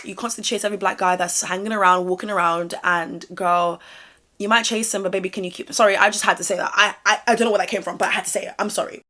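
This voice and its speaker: Fast-talking sassy woman vlogger, slightly hoarse. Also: mid-range voice, steady tone, sharp tone. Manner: sassy, direct, calls viewer babe. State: voice going hoarse. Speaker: commentary vlogger. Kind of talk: casual opinion chat to camera.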